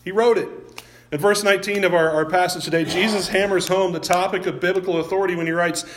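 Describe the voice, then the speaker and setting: A man's voice: high voice, fairly even intonation, fast, echoey room, slight background noise. A man preaching a sermon as a pastor in a church. He talks conversationally, often restarts his words and poses questions to the congregation. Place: church sanctuary.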